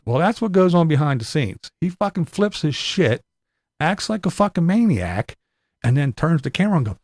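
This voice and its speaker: Gravelly, profane man ranting. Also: a little high, big pitch swings, moderate pace, a little mellow, no echo. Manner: profane, mocking, laughing often. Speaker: livestream host.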